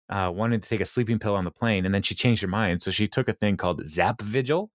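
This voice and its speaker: A man hosting a casual chat, retelling an episode in a halting, rambling way with frequent chuckles. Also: lowish voice, dry recording, clean studio sound. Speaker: podcast host recapping a TV episode.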